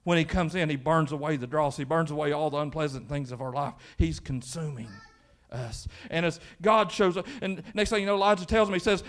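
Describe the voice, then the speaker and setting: A male pastor, preaching a sermon as an animated story with frequent restarts. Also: a little high, brisk.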